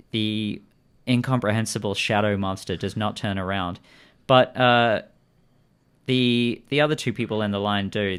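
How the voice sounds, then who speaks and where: A man narrating as game master of a tabletop role-playing game, in a relaxed, joking manner. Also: fairly low pitch, clean tone. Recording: faint network glitches over a stream.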